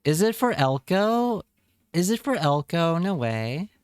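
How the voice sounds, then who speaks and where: A man's voice: a little high, very animated, unhurried, clear, resonant tone, dry recording, studio quality. A man chatting casually on a live stream, reading chat aloud and joking around. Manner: playful, jokey, reads chat aloud.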